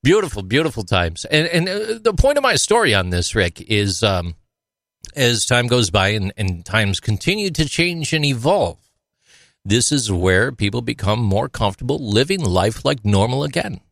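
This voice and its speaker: A man's voice: mid-range voice, very animated, moderate pace, vocal fry, fairly bright tone, dry recording, studio quality. A man co-hosting a podcast, rambling through stories in casual chat with many fillers. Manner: rambling, lots of "you know" fillers. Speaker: podcast co-host and emcee.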